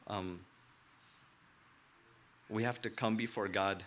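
Young male preacher, earnest and halting, fairly low voice with a bright edge. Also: fairly even intonation. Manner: halting, earnest, with many restarts and ums. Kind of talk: sermon.

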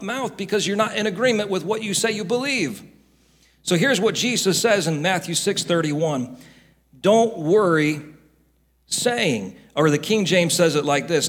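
A middle-aged male pastor preaching a sermon, with storytelling that builds into loud, emphatic rebukes. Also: a little high.

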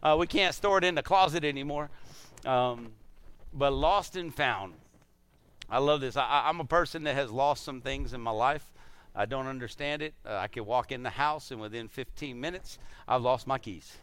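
A man's voice: medium pitch, moderate pace, smooth, no room sound. A middle-aged man preaching to his church, telling funny, self-deprecating stories before turning earnest. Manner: animated storytelling, self-deprecating humor. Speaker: pastor. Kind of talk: sermon.

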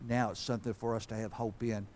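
A man's voice: lowish voice, flat delivery, fast, a little mellow, slight background noise. A man, a pastor giving a folksy, conversational sermon that builds to fervent preaching.

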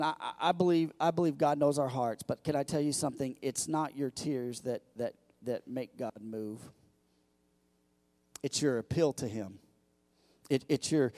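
Man preaching a lively sermon. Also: medium pitch, no echo. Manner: lively preaching, swinging from loud peaks to quiet asides; repeats words when building up. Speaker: pastor.

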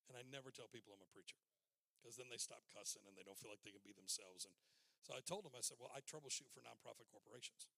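Gravelly older man preaching. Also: mid-range voice, fast talker, bright, forceful tone, dry recording. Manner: storytelling, emotional and earnest. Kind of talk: sermon.

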